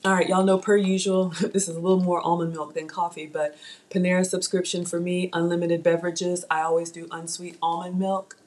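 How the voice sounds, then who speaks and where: A young woman with a light Southern US accent, born in Ghana, chats with her viewers while she cooks on a live stream. Her voice sits a little low, and she keeps up an easy, talkative flow. She is recorded on a tablet mic. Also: little pitch movement, brisk, a little mellow. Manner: chatty, talks straight to viewers. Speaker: cooking channel host. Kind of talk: live-streamed cooking chat.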